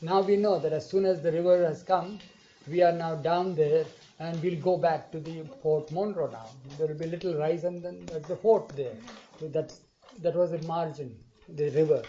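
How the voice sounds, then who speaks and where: An older man casually telling a rambling, animated story with many asides and bursts of laughter. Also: a little high, normal speed, slight background noise. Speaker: storyteller recounting memories. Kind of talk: casual anecdotal storytelling to a small group. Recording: dull old archival tape recording.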